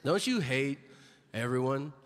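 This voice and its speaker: A man's voice: mid-range voice, a little slow, background noise. A man performing stand-up comedy on a theater stage, telling profane stories and acting out the people in them. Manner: profane, animated storytelling that acts out the people in his stories. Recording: long hall reverb of a live venue.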